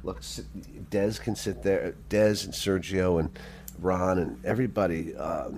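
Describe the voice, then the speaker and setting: A man telling a casual backstage story as an interview guest, animated, often restarting sentences and clearing his throat. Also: deep voice, unhurried, slight background noise. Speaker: stage actor and guitarist, interview guest.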